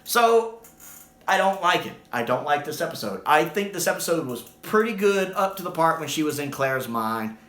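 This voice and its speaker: Exasperated, ranting man with a bright voice. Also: fairly high pitch, big pitch swings, normal speed, reverberant. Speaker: video reviewer. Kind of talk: casual ranting review vlog.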